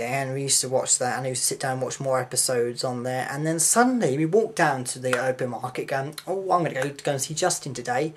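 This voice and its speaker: A young man, casually telling a personal story in a rambling, excitable way with many fillers. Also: mid-range voice, gravelly. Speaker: vlogger.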